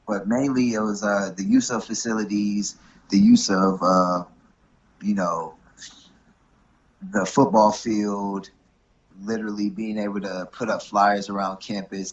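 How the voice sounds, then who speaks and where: A young man, a rugby coach, talking about his club in a relaxed interview, often saying "you know what I'm saying". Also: fairly low pitch, muffled recording. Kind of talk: casual interview talk.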